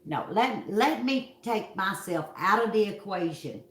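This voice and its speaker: A woman's voice: medium pitch, unhurried, reverberant. Folksy Kentucky woman telling a story. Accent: Kentucky Southern. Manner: folksy, animated, dramatic storytelling. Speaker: vlog host. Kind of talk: casual storytelling to viewers.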